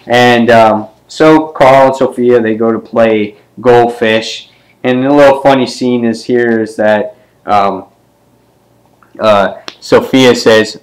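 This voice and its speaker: A man casually reviewing a comic book issue, with many ums and quick character voices as he retells the scenes. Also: mid-range voice, steady tone, poor audio.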